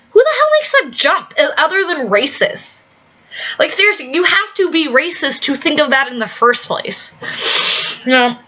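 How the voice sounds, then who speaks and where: High bright-voiced lady ranting and swearing in a vlog, stumbles and restarts a lot, muffled lo-fi audio. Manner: profane, blunt, fast with many restarts.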